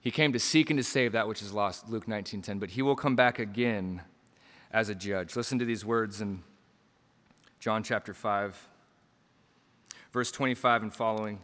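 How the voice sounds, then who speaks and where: A man preaching a sermon with passion, surging to loud emphasis and dropping to quiet lines, acting out quoted voices as he tells stories. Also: lowish voice, moderate pace, long pauses, in a large hall. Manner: impassioned, swings between loud emphasis and quiet drops; acts out quoted lines in storytelling asides.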